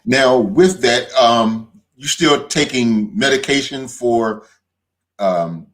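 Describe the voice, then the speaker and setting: A man hosting a casual interview, asking gentle follow-up questions in a supportive way. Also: mid-range voice, slow. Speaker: talk show host.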